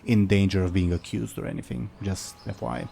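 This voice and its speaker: A man running a tabletop game as its game master, with a low, mellow voice. He narrates in a rambling, hesitant way, full of "like" and "um". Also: a little fast, vocal fry, a little hiss or hum.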